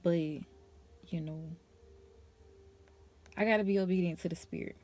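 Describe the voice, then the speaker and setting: A woman's voice: lowish voice, moderate pace, darkish tone. A young woman vlogger speaking her personal testimony to camera, nervous and emotional, in a casual conversational way.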